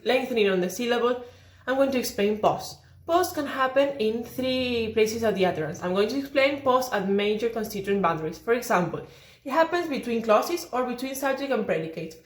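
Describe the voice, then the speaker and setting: Young woman explaining phonology, echoey room. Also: fairly high pitch. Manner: careful, explanatory, self-correcting. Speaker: student. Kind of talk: oral exam presentation on phonology. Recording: roomy echo.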